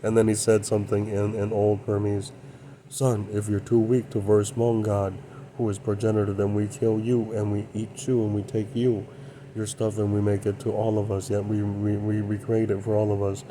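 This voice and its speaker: Man, low voice, flat monotone, dark tone, rambling monologue, repeats affirmations. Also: normal speed, background noise. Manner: rambling, repeats "yeah, that's true". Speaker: channel host.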